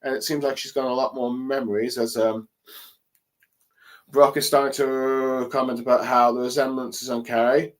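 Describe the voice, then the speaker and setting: A man's voice: mid-range voice, level tone. Hesitant man recapping a comic chapter. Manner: hesitant, many fillers and pauses. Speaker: manga chapter reviewer. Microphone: desk mic at a streaming setup.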